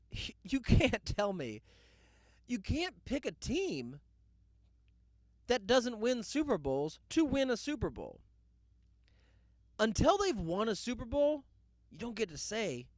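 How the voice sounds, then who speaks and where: Sarcastic man, lively swooping pitch, dry close sound, podcast host rant. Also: no echo. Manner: loud, sarcastic rants with laughs. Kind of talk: casual solo rant.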